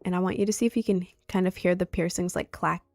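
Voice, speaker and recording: Talking fast in a fairly low voice, this young U.S. livestreamer chats casually, reads out viewer comments, and wanders through stories with plenty of fillers and abrupt bursts of energy. She's on a desk mic and occasionally leans close to it.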